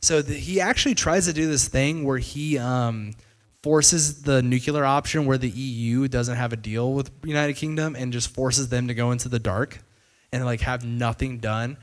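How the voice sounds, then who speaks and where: A man's voice: medium pitch, steady tone, moderate pace. A man presenting a casual explanatory video commentary, talking conversationally with fillers and loose restarts. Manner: conversational, retells events with "he's like" and paraphrased quotes.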